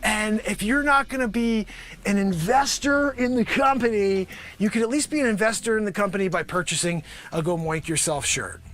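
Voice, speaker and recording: A man hosting a live improv comedy show, riffing manically and sarcastically as a pitchman, swinging from loud outbursts to mutters. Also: moderate pace. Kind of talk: improvised comedy bit, pitching a product to investors.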